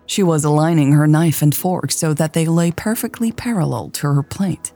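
A woman narrating a romance story in a calm, even storytelling voice. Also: deep voice, moderate pace, few pauses, faint music behind. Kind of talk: scripted audiobook narration.

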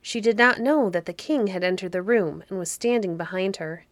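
A woman narrating a fairy story for a podcast in a soft, cozy, unhurried manner. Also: mid-range voice, no echo.

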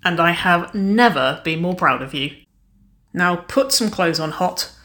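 A woman voicing a brash, bold young woman who is a protective older sister, speaking loud and blunt in an audiobook reading. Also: lowish voice, lively intonation, unhurried. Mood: brash, teasing. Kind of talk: audiobook character voice.

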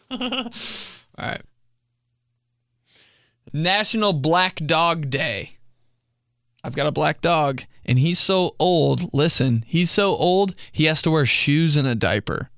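A man's voice: on the high side, expressive, takes it slowly, long pauses, a bit bright, dry recording, studio quality. A young man hosting a comedy podcast, telling stories casually, swearing and laughing at his own jokes. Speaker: podcast host.

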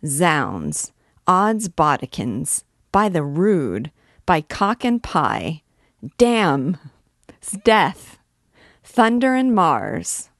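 A woman reading aloud, voicing a boisterous, blustering young male army captain who swears loudly. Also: low-pitched, animated, unhurried, dry recording, studio quality. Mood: cursing.

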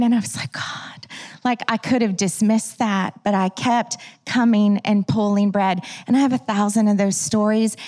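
A woman teaching at a church, telling prayer stories in an animated way and acting out her own dialogue. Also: mid-range voice.

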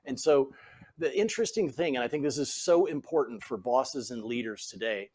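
A middle-aged man, a former CEO and author, talking in a relaxed podcast interview and acting out the people he quotes. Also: medium pitch, moderate pace. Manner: animated storyteller, acts out quoted voices.

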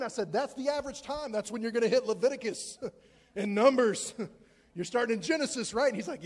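A man's voice: very high voice, a little fast. A man in his forties preaching a conversational, joking sermon in a church. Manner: conversational, joking, self-deprecating. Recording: long hall reverb.

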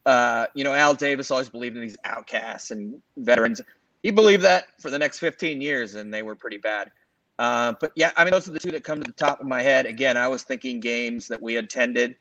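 A man's voice: mid-range voice, brisk, no echo. A man in his forties from the Los Angeles area rambles through sports memories as a podcast co-host, stacking fillers and restarts. His mid-range voice comes through a dry, slightly muffled lo-fi recording. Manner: rambling, filler-heavy, animated storytelling. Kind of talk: casual sports chat.

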